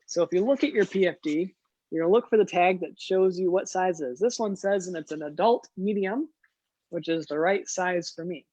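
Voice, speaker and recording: A man's voice: high-pitched, fairly quick, a little mellow, no room sound, highs cut off. A man hosting a scouting den meeting for young kids, upbeat and leading activities with frequent "uh" fillers.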